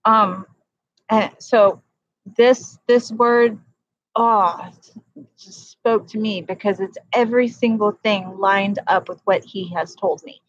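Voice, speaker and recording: A woman's voice: medium pitch, fairly even intonation, takes it slowly, no echo, dull audio. A woman hosting a livestream, talking earnestly about her faith and praying aloud, often repeating phrases for emphasis. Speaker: livestream host sharing a prophetic word. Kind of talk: casual faith talk and spoken prayer.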